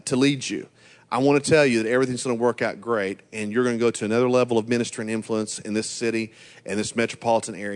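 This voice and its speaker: A middle-aged man from Georgia preaching as a guest pastor, earnest and encouraging, with frequent "uh" fillers. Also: mid-range voice. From Georgia, USA. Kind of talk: sermon.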